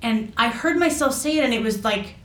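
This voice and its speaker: A woman telling a personal story in a halting way, full of fillers and restarts. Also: on the high side, expressive, fairly bright tone, recorded from a distance. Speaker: guest recounting a personal experience. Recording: echoey room, voice off mic.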